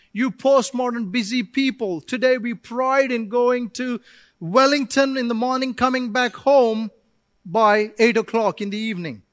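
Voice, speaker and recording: A man pastor preaching a sermon at a church service, animated and joking with the congregation, at times building to emphatic shouting. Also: very high-pitched, dry recording.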